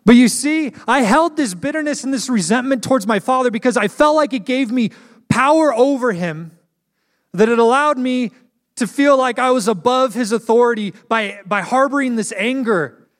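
A young man with a high voice preaches in a large hall where his words ring out with a long echo. He tells a personal story in an earnest way. He sometimes laughs at himself as he talks. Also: moderate pace. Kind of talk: sermon with personal testimony.

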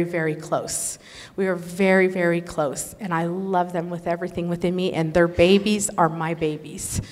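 A woman telling an emotional religious testimony in an earnest, animated storytelling manner. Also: fairly low pitch. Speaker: speaker sharing a testimony. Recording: echoey hall.

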